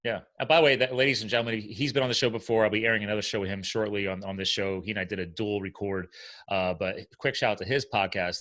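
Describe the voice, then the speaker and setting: A man hosting a podcast interview, chatting casually and playfully, jumping up in pitch when he jokes. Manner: animated, playful, jumps up in pitch when joking. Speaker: podcast host. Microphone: video call.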